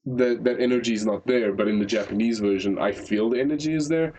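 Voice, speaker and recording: Husky man rambling through a review. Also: medium pitch, fast talker, poor audio. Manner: rambling, animated storyteller with frequent restarts. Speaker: podcast co-host reviewing anime. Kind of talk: casual review chat.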